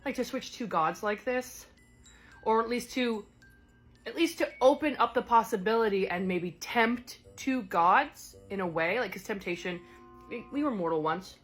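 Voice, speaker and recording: A woman's voice: on the high side, normal speed, fairly bright tone, faint music behind. A woman voicing a chatty goddess stranded in another world. She speaks in a rambling way, full of fillers and self-corrections. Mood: thoughtful. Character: chatty displaced goddess, scattered but caring. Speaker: one-sided role-play character. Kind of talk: improvised solo role-play.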